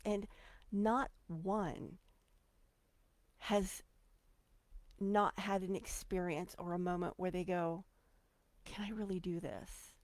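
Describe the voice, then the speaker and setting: A middle-aged woman hosting a motivational solo talk, animated and playful, swinging between loud bursts and quiet asides. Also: mid-range voice, dry recording. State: getting emotional. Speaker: podcast host.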